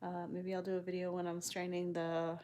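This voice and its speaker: A woman's voice: lowish voice, monotone, fairly quick, warm tone. A woman vlogger in casual chat to the camera, laid-back, sighing often and swearing offhandedly.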